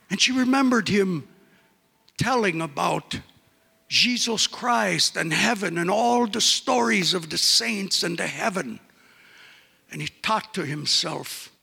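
A man spins a folk tale in a slow, folksy drawl, his voice high, gravelly and raspy. It rings out with a long, hall-like reverb. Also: pushed and bright. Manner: folksy, with frequent "eh?" asides. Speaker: storyteller.

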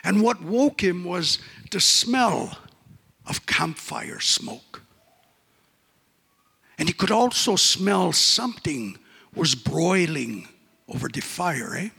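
Gravelly storyteller. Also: male voice, sits high, expressive, slow pace, pauses often, sharp tone, long reverb tail. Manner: folksy, with frequent "eh?" asides. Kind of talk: folk tale storytelling.

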